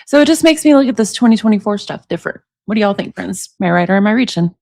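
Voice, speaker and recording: A woman's voice: medium pitch, lively intonation, rapid-fire, vocal fry, a little mellow, no room sound, studio quality. A woman, hosting casual true-crime commentary and reading excerpts aloud, chatty and often asking viewers what they think. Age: 40s. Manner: chatty, asks viewers for opinions. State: allergies. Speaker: commentary channel host.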